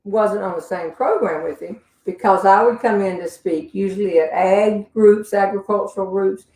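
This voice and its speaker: Folksy Southern woman, gravelly, from afar. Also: mid-range voice, normal speed, dark tone, echoey room, far from the mic, poor audio. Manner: folksy, chatty, with asides and small laughs. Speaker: humorist answering audience questions. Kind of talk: casual comic storytelling.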